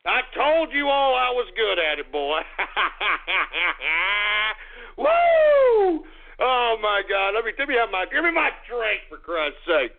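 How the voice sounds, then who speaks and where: A boisterous man hosting a call-in radio show, his fairly high voice rough with gravel. He talks crudely and bursts into shouts and whoops. The sound is thin and tinny, like a phone line. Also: very animated, slow.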